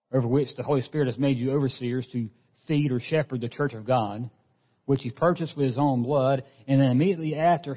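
Husky-voiced man preaching in a reverberant hall. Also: mid-range voice. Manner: earnest, repeats words when restarting. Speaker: pastor. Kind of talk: sermon. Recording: dull lo-fi sound with long hall reverb.

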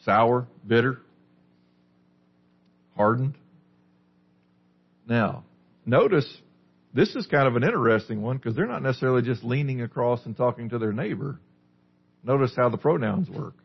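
A man's voice: medium pitch, expressive, moderate pace, gravelly, long pauses, breathy edge, lo-fi sound. A man preaching a sermon as a pastor, teaching a small group with questions in a conversational way. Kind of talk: sermon, Bible study.

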